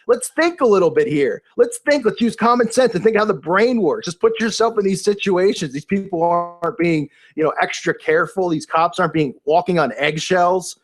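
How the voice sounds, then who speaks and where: Rambling incredulous man, fairly high voice. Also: fairly quick, hardly any pauses. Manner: rambling, incredulous, with many restarts and fillers. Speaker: video commentator. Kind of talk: casual unscripted monologue.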